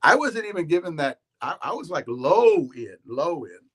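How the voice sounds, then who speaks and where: A man hosting a podcast, talking in a loose, rambling way with animated storytelling and frequent restarts. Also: on the high side, moderate pace, breathy edge. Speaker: podcast host. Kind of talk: casual rambling monologue.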